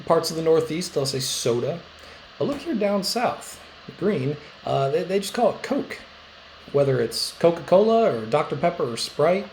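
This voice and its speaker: Gravelly-voiced man teaching a relaxed class. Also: a little high, slight background noise, rough recording. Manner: chatty and joking, many "uh" fillers and rambling asides. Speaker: middle school social studies teacher. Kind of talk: casual recorded class lecture.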